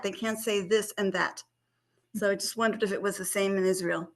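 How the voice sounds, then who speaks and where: A woman's voice: medium pitch, fairly even intonation, brisk. A woman student asking questions in a language class, chatty and curious. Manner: chatty, curious, laughs easily.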